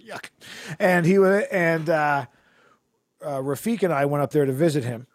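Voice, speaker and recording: A man chatting on a podcast, his voice sitting a little high. He rambles through anecdotes and laughs often. The sound is dry and close. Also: measured pace, no echo. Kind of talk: casual podcast chat.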